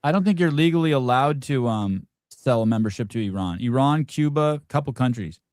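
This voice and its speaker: A man of middle pitch hosts a casual live podcast, asking loose, relaxed questions. His voice sounds dry and close, with no room echo. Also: fairly quick. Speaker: podcast host.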